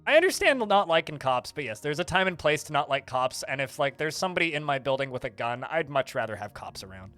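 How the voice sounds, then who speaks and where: A man's voice: a little high, sing-song, quick pace, few pauses, a bit bright, soft background music. A man streaming a game, casually telling a rambling anecdote full of fillers. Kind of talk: casual storytelling while playing a game.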